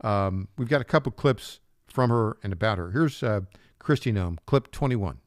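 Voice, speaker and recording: A man's voice: on the low side, animated, normal speed, no room sound, clean studio sound. A man hosting a political talk radio show, making wry asides and chuckling at his own jabs as he introduces clips.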